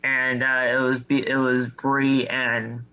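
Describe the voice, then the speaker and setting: A man co-hosting a casual podcast, recapping a wrestling show with animated storytelling and exasperated jokes. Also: medium pitch, slow, clear, resonant tone, dull audio. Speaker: podcast co-host.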